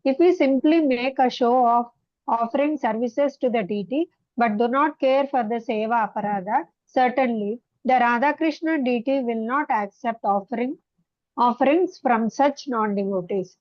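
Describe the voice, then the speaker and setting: A woman's voice: fairly high pitch, moderate pace, no room sound. Woman reading scripture over a call. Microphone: video call. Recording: dry, dull video call audio.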